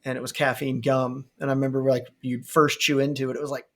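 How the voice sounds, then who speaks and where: A man hosting a podcast in casual chat, telling lively stories, swearing freely and laughing often. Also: on the high side, a little fast, few pauses. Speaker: podcast host.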